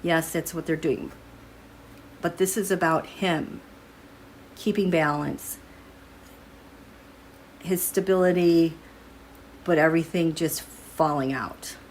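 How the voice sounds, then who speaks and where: Steady and low-pitched, a woman reads tarot and astrology casually for her viewers, speaking slowly with long pauses as she draws and muses over cards. Slight background noise is present.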